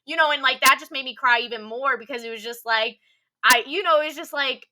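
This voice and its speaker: Bright-voiced young woman, rambling softly. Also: high voice, brisk. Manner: rambling, heavy use of "like" filler. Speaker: podcast guest telling her story. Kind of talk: casual personal storytelling.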